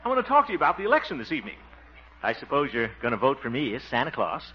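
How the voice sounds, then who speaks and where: A blustering small-town windbag. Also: male voice, medium pitch, huge pitch swings, rapid-fire. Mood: pleading. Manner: blustering, exclamatory, sputtering. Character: blustering vain small-town man, easily flustered. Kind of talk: 1940s radio acting. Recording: muffled old radio recording with hiss.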